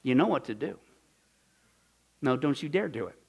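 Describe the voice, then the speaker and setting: A man's voice: medium pitch, very animated, normal speed, vocal fry, husky, lo-fi sound. A man preaching a sermon, reading passages aloud and answering them with rhetorical questions and sarcastic asides.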